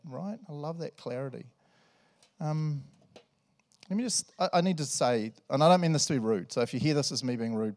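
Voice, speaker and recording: In a mid-range voice, a male pastor delivers a sermon to his church. He's animated and playful, shifting back and forth between loud and quiet passages.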